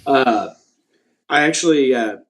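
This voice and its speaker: A man being interviewed as a podcast guest, laid-back and self-deprecating, pausing often with fillers. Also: mid-range voice, fairly bright tone. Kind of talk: casual interview chat.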